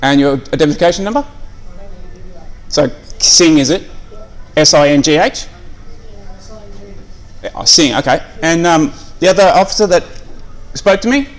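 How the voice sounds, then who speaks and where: A man's voice: a little high, animated, moderate pace, pauses often. An Australian man in a police station, insistently arguing with officers and repeating his questions while filming on a phone. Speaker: member of the public filming police. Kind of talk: confrontational argument. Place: police station reception area, indoors.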